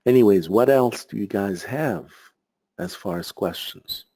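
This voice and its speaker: Low, slow-talking male market analyst. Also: warm tone. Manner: rambling, searches for words, answers viewer questions. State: tired, out of breath. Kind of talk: live market webinar.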